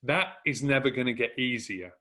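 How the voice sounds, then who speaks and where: Bright-voiced man with a Hull accent. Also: medium pitch, normal speed. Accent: northern English, Hull. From northern England. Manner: direct, encouraging, emphatic repetition. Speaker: speaker coaching business owners. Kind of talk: motivational talk.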